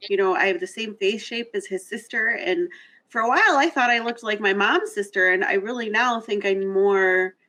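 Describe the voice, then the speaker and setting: A woman's voice: mid-range voice, moderate pace, sharp tone, rough recording. A woman hosting a casual discussion, talking candidly and reflectively and often restarting her thoughts. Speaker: host.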